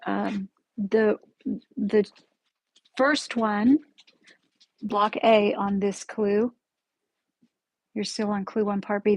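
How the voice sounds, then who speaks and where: A woman hosting a casual live-stream quilting lesson from her sewing room, chatty and friendly, often pausing to correct herself. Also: mid-range voice, steady tone, a little mellow, no echo, low-quality recording. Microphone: camera in the room, with her stepping back from it.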